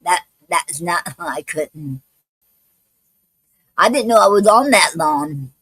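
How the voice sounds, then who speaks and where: A woman poet hosting a live stream, out of breath, talking in a halting way with many fillers and restarts. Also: on the low side, expressive, fairly bright tone, husky, no room sound, poor audio. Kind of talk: casual live-stream chat and poetry reading.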